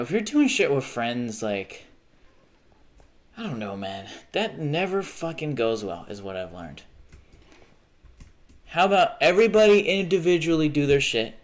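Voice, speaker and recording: Profane ranting young man. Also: mid-range voice. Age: young adult. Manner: profane, ranting, frequent self-interruptions and restarts. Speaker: livestreamer. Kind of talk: casual livestream rant.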